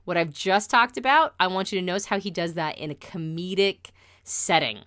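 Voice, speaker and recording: Deep-voiced woman explaining personality types. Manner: conversational, deliberate and flatter when making a point. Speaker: personality-type teacher. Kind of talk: casual explanatory lesson.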